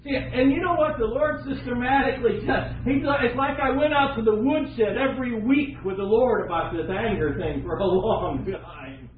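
A middle-aged man preaching a sermon, telling the story with animated voices for the people in it. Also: very high-pitched, normal speed, few pauses, a crowd in the background. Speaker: pastor. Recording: dull echoey recording in a large room.

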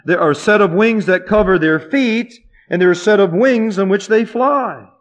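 High-voiced fervent male preacher. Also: moderate pace. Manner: fervent, repetitive, often dropping to a near hush. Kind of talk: sermon. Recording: dull lo-fi sermon recording.

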